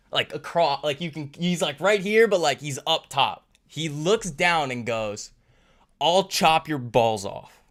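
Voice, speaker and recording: A young man, casually telling a rambling story on a livestream, often breaking off and laughing. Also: on the high side. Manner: rambling, animated storytelling with laughs and self-interruptions. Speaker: livestream trading host.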